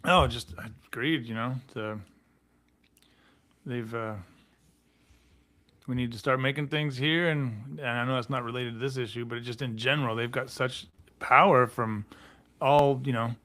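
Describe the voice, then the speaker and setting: A man co-hosting a podcast in casual chat, speaking in a halting, hesitant way. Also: medium pitch, steady tone, pushed and bright. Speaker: podcast co-host.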